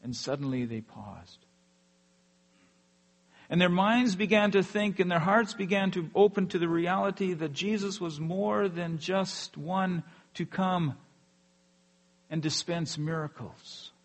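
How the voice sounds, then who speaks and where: A man preaching a sermon earnestly, letting his voice fall softly at the ends of phrases. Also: high voice, takes it slowly. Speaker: pastor.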